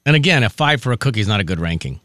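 Man, radio co-host, playful teasing banter, lively pitch, dry close studio sound. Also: no room sound. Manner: playful, teasing, quick to laugh.

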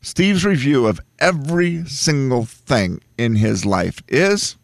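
A man's voice: medium pitch, lively intonation, takes it slowly, gravelly, no echo. A man co-hosting a morning radio show, chatting and joking around with his co-hosts in the studio. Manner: chatty and joking, teasing a co-worker. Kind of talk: casual morning radio banter. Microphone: studio microphone.

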